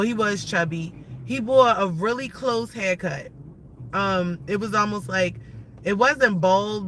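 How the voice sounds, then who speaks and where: Bright-voiced woman ranting profanely. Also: mid-range voice, slight background noise, low-quality recording. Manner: animated, profane, rambling and excitable. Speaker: livestream host. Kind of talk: casual ranting livestream.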